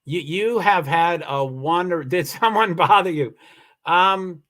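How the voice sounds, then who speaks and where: A man's voice: sits high, slow pace, a bit bright. A man hosting a livestream and answering viewer comments, rambling and upset, with many restarts, close to tears. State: emotional, near tears. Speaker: livestream host. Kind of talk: casual livestream chat reading comments. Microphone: computer mic for a live stream.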